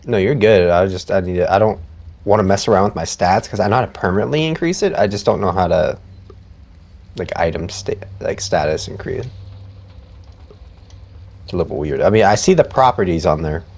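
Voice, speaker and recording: Tabletop player, male, low voice, sleepy and relaxed, halting speech. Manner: relaxed, halting, laughs often. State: just woken up. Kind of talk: casual tabletop game chat.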